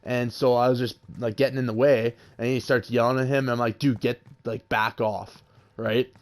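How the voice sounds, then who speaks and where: A man's voice: mid-range voice, level tone, a little fast. A young man casually telling a story about a confrontation, swearing freely and raising his voice when he quotes people. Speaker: vlogger.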